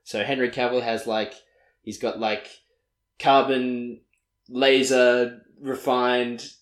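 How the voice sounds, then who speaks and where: A man's voice: medium pitch, level tone, slow pace, roomy sound. A man co-hosting a podcast, recapping a film in casual chat with lots of fillers and restarts. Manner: rambling, filler-heavy recap with laughs. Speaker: podcast co-host.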